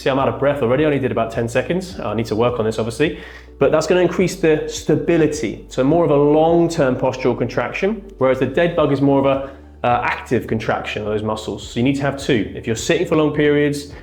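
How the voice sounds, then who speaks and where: A man's voice: medium pitch, darkish tone. A man, a chiropractor, explaining and demonstrating back exercises in a treatment room. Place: treatment room with a firm bed. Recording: echoey room, faint music.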